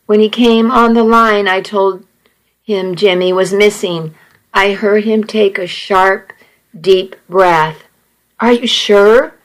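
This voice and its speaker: A woman reading a first-person story aloud, earnest and measured. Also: medium pitch, steady tone, rough recording. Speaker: narrator.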